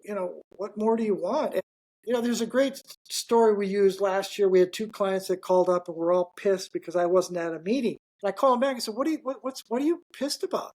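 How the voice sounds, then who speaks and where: As a podcast guest, an older man who owns a business chats casually in a casual interview, spinning folksy anecdotes with plenty of asides. His voice sits high and has a darkish tone, and he speaks briskly.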